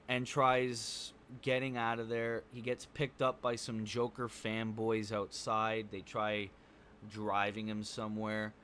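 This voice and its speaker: A man talks through a movie review in a loose, rambling way, swearing freely and leaning on fillers. His pitch sits in an ordinary middle range for a man. A faint hiss of noise runs under his voice. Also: a bit bright. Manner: blunt, profane, rambling with fillers. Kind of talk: casual spoken review.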